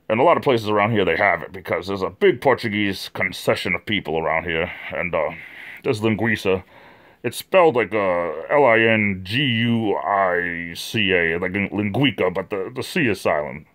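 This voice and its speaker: This low-pitched man has a fairly bright tone and comes from New England. Hosting a casual livestream, he chats and rambles, addressing viewers in the chat by name while leaning heavily on fillers and repeated words.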